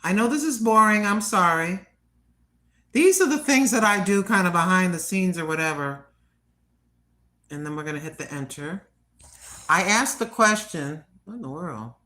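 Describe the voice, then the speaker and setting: A woman's voice: lowish voice, expressive, moderate pace, pauses often, bright, forceful tone, rough recording. An older American woman chatting casually and rambling to her viewers at home. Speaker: vlogger. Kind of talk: casual chat.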